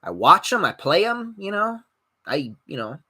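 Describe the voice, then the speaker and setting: Podcast host, young guy, lively pitch, bright voice, blunt and profane rambling. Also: unhurried, husky. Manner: blunt, profane, animated, mocks others in put-on voices. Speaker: podcast host reading live chat. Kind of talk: casual rambling chat.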